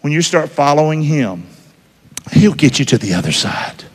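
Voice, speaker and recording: A male preacher, folksy and animated, keeps quizzing his church. His voice sits a bit high and bounces through a wide range. The sound rings with the long reverb of a big hall. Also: moderate pace, breathy edge. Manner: folksy, asks the congregation questions, swings between loud and hushed. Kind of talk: sermon.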